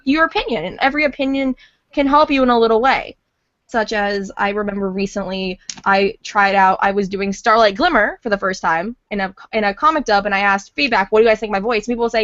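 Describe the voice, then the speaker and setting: Woman voice actor, fairly high voice, dull dry lo-fi call audio, rambling and excitable. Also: no room sound. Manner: excitable, rambling, repeats words for emphasis. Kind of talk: casual podcast chat.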